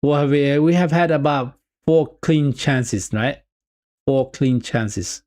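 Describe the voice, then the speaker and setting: This football watch-along streamer speaks slowly at a medium pitch, giving chatty live commentary. He repeats himself, addresses viewers as "people," and shifts back and forth between excitement and deflation.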